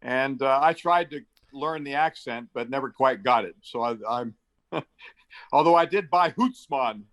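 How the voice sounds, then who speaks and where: As an interview guest, a Middle East-raised man in his seventies speaks in a mid-range, slightly bright voice. He's chatty and brisk, peppering his anecdotes with fillers and acting out quoted lines.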